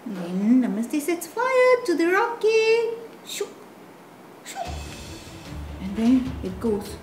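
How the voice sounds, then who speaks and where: A woman hosting a toy play channel, narrating the toys' actions in a bright, sing-song way. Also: high-pitched, huge pitch swings, takes it slowly. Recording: roomy with background music.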